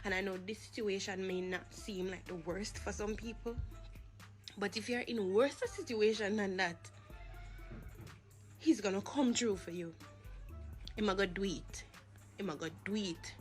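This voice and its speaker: A woman with a Jamaican accent giving a personal faith testimony, earnest and halting, with pauses and repeats. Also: mid-range voice, faint music behind.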